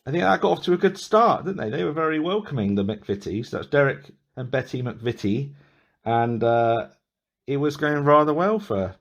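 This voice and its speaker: A man's voice: mid-range voice, animated, normal speed, creaky, dull audio. A man hosting a podcast, chatting casually and rambling with many restarts and small laughs. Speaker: podcast host. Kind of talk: casual chat.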